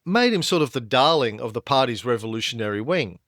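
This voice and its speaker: A podcast co-host with an expressive, mid-range, fairly bright voice explains historical events a little fast, with frequent fillers and restarts. The studio recording is clean and dry.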